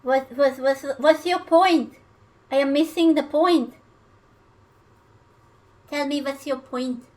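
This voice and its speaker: Speaking slowly with frequent pauses, a female streamer with a high, slightly mellow voice cooks on a livestream from her kitchen. Her casual chat with viewers is jokey, playful, and teasing.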